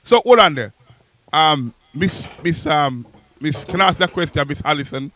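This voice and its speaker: Guy cohosting online radio, playful n argumentative, kinda high voice. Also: normal speed, background noise. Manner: playful, argumentative, sends shout-outs. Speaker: co-host and DJ. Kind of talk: casual radio banter.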